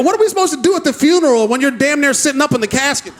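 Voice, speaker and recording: A man doing stand-up comedy, telling stories in a lively, profane way on a club stage with a handheld mic. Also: extremely high pitch, very fast, few pauses. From United States. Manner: animated, profane storytelling. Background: audience laughter.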